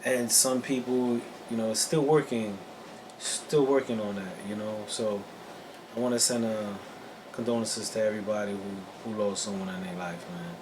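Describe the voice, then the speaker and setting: A man co-hosting a podcast in casual chat, speaking in a halting, reflective way with many repeated words. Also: lowish voice. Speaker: podcast co-host. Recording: audible background noise.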